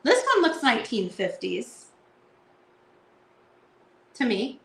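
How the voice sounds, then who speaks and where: Woman host, casual live-sale chatter, unhurried, playful verse reading, echoey room. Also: on the high side, very animated, gravelly. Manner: chatty, reads card verses aloud in a playful sing-song. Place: indoor room at home.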